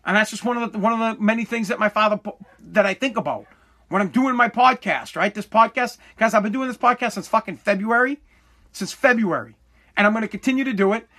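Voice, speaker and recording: A man's voice: high voice, fast, pushed and bright. A man in his forties hosting a podcast, giving an emphatic, profane motivational monologue full of restarts. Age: 40s. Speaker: podcast host.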